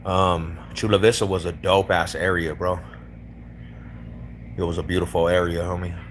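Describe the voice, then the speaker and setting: A livestreamer from East Denver, Colorado, chats casually with strangers in a low, level voice at normal speed, with a little hiss or hum present. He has a Denver accent and a slangy, laid-back style, calling people homie, bro and fool.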